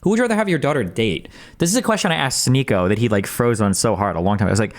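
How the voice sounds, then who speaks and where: A man's voice: medium pitch, expressive, racing, few pauses. A man streaming and reacting to clips, rambling in a wry, sarcastic way to his chat at his desk mic. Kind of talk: casual reaction commentary.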